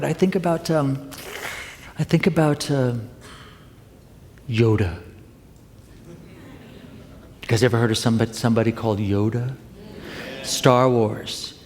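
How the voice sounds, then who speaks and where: A middle-aged male minister giving a conversational, confessional Sunday talk with playful asides to the congregation. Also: medium pitch. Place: church sanctuary. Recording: long hall reverb.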